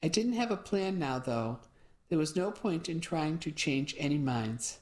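A woman with a notably low voice reads a cozy mystery in the first person. Her reading is steady and measured. The narration is calm and clear. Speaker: audiobook narrator.

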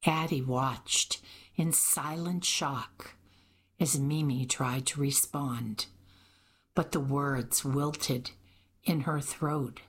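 Low husky woman reading a mystery novel aloud, slow and steady. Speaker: audiobook narrator. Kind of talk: scripted narration.

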